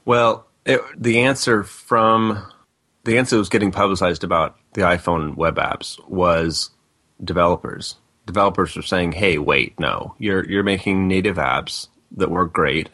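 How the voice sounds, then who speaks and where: A man's voice: low-pitched, a bit bright, slightly rough. A man speaking as a guest on a tech talk radio show, explaining in a loose, rambling way with restarts and fillers. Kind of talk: casual radio interview talk.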